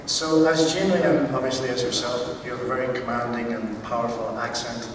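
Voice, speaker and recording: A man's voice: mid-range voice, fairly even intonation, brisk. A man from Ireland asking a question at a fan convention, hesitant, with many ums. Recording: distant, echoey hall recording with noise.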